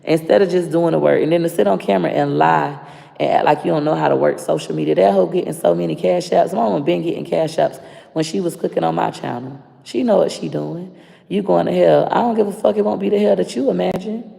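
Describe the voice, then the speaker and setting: A woman's voice: on the low side, fast talker, creaky, mellow. A woman with a Florida accent ranting bluntly and profanely to camera. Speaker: vlogger. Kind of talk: casual rant to camera. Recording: long reverb.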